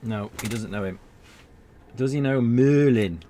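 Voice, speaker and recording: A man with a warm, medium-pitched voice talks a little slowly over slight background noise. He rambles casually and self-deprecatingly as he streams and comments on an old adventure game.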